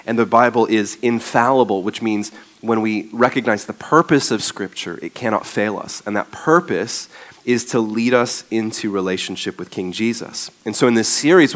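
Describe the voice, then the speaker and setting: A male pastor preaching a sermon in a conversational way, with frequent ums and uhs. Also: medium pitch.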